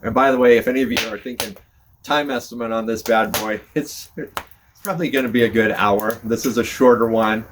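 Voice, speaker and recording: An older man who hosts a podcast chats casually to the camera from beside a fire on his front porch, rambling in a folksy, self-deprecating way. His voice is medium in pitch and a little fast. Behind him you can hear the fire crackling and cars going by.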